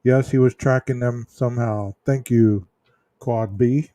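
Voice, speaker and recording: A man hosting a true crime livestream, chatting casually with viewers in a slow, rambling way full of ums and restarts. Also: medium pitch, fairly even intonation, warm tone, no echo. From Texas. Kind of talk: casual livestream chat reading viewer comments.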